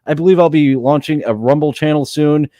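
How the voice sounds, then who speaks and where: Halting, filler-heavy male podcast guest. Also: a little high, dark tone, no echo, muffled recording. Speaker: guest streamer. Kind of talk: casual podcast chat.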